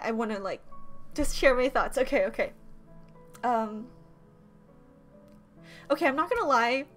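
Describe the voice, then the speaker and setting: Tearful high-voiced young woman vlogging. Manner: emotional, tearful, rambling with restarts. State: teary, voice breaking. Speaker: YouTuber. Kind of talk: emotional vlog talk to camera.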